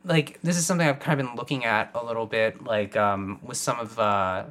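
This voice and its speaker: A man's voice: mid-range voice, fairly quick, fairly bright tone. A man with an everyday mid-range voice hosts a conversation and asks long follow-up questions. He hesitates often, circling with fillers before he gets to the point. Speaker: interviewer. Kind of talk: conversational interview.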